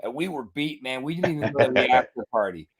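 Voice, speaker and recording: A man's voice: mid-range voice, animated, quick pace, over a noisy crowd. A man hosting a podcast, telling a profane story in casual chat. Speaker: podcast host.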